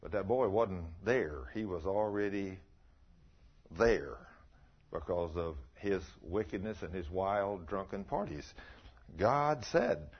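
A man's voice: mid-range voice, moderate pace. An older man preaching a folksy sermon, telling stories and asking his listeners questions. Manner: storytelling, asks the listeners questions. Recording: muffled lo-fi recording.

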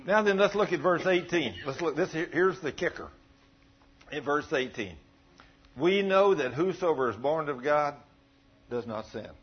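A man preaching in a folksy, joking drawl, his voice husky and pitched fairly high for a man. The sound is a little dull and lo-fi. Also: animated, moderate pace. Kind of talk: folksy sermon with storytelling.

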